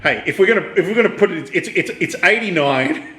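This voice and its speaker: A man's voice: sits high, animated, brisk, fairly bright tone, roomy sound. A man with an Australian accent co-hosting a casual chat, easygoing and chiming in with short agreements. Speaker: podcast co-host.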